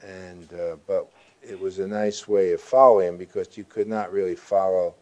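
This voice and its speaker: An older man, a journalist, answering interview questions in a reflective, halting way with frequent pauses and restarts. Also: low voice, fairly even intonation, warm tone.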